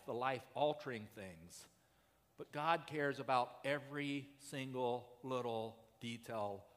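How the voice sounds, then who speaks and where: Male pastor, conversational sermon delivery that builds to urgency, bright timbre, long hall reverb. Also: mid-range voice. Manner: conversational preaching, rising to urgent emphasis.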